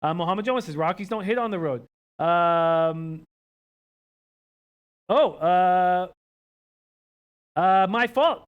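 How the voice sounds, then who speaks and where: A young Canadian man hosts a sports betting livestream, chatting casually and reading viewer comments and odds aloud with plenty of ums and uhs. His high, smooth voice is slow with frequent pauses, and the recording is muffled.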